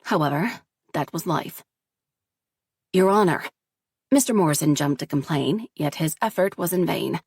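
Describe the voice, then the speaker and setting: A woman reading a story aloud in steady, measured audiobook narration. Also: sits low, creaky, breathy edge, dry recording.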